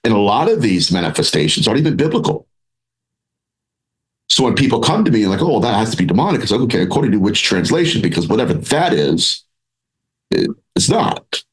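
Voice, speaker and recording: A man speaking as a guest in a podcast interview, animated and rambling with restarts, acting out quoted voices as he talks. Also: fairly low pitch, low-quality recording. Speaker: paranormal researcher and author, podcast guest. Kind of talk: conversational interview.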